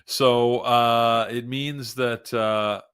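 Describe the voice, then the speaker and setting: A man's voice: medium pitch, steady tone, extremely slow, fairly bright tone, smooth. A man hosting a live trading show, chatting casually through pre-market stock picks while reading news on the fly.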